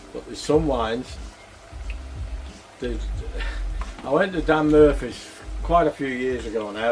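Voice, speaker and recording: An older man chats casually while he cooks at home, rambling and chuckling as he talks. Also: medium pitch. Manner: rambling, chuckling, plain-spoken. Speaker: cooking vlogger. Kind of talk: casual cooking chat.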